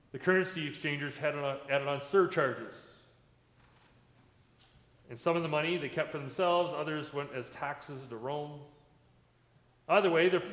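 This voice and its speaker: A man's voice: on the high side, a bit bright. A man, a pastor, giving a sermon in a conversational preaching manner, recorded in a church sanctuary. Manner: conversational preaching with plain everyday comparisons. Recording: echoey church hall with long reverb.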